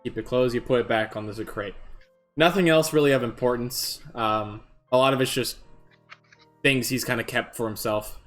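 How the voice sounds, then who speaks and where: A man's voice: mid-range voice, moderate pace, a bit bright, faint music behind. A man running a tabletop game as game master, narrating loosely with lots of fillers.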